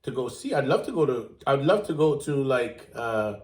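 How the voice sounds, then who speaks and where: A man hosting a casual online chat, talking in an animated, playful and emphatic way. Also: medium pitch, moderate pace. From Jamaica. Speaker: show host. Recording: roomy echo.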